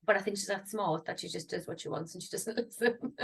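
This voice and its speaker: A woman's voice: fairly low pitch, fast talker, gravelly, husky, poor audio. A woman, rambling and thinking aloud in a casual vlog. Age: 30s. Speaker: singer vlogging.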